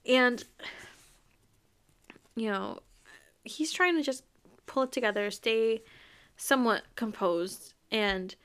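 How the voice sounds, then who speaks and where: A woman's voice: medium pitch, a bit bright. A young woman hosting a podcast, talking casually and emphatically about a book, laughing often as she reacts. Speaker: podcast host.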